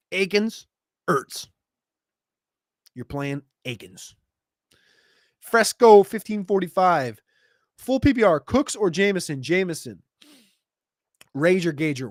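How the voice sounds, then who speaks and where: A man hosting a casual livestream Q&A, answering viewer questions in a quick, chatty way with sudden jumps in pitch. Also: no room sound, clean studio sound. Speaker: fantasy football show host.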